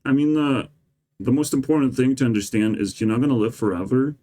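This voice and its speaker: Guy ranting into his vlog, swears a lot, sarcastic and rambly, pretty average pitch. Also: a little fast, warm tone. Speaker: vlogger. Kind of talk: ranting monologue.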